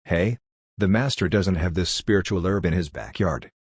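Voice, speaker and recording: A man's voice: sits low, moderate pace, husky, no room sound, clean studio sound. A man voicing a smug, greedy male dog with a cocky, self-satisfied manner in an audiobook. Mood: excited. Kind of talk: audiobook character reading.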